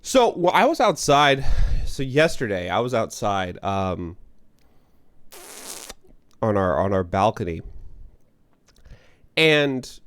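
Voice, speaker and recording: A man's voice: lowish voice, sing-song, slow pace, pauses often, a bit bright. A man chatting casually with viewers while streaming a game, rambling and joking at his own expense. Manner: rambling, self-deprecating, chats with viewers. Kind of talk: casual gaming stream chat.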